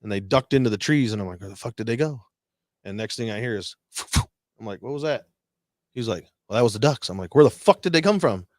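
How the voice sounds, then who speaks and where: A man's voice: on the low side, brisk, no echo, clean studio sound. A man from Detroit telling war stories casually as a guest, swearing and laughing often. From Detroit, Michigan. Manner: profane, laughing, animated quoting. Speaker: veteran guest. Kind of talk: casual storytelling.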